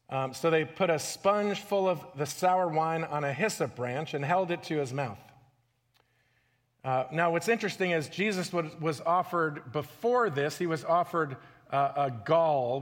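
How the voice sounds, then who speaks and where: A man in his forties preaching a sermon as a pastor, talking in a loose storytelling way and often repeating words as he restarts. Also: on the high side. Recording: long hall reverb.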